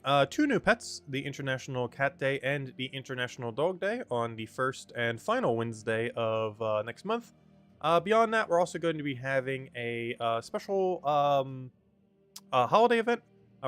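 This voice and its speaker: Guy livestreaming a game, bouncy voice, lots of uhs and laughing, soft music under it. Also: medium pitch. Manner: rambling, laughs often, many fillers. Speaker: streamer. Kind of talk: casual game livestream commentary.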